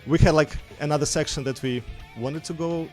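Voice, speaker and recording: A man's voice: fairly high pitch, fairly even intonation, fairly quick. A young man with a Russian accent moderating a casual panel chat, talking loosely with many "like"s and "uh"s. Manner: casual, heavy on filler words like "like" and "uh". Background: music playing.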